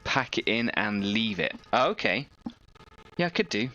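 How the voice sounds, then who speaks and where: A deep-voiced man hosts a hobby painting stream and chats loosely while he works. His tone is bright and forceful, and he explains each step as he goes. Faint noise sits behind his voice. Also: very animated, moderate pace, muffled recording. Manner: rambling and explanatory, chatting while painting and gluing. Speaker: host of an online miniature painting stream. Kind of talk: casual chat while working.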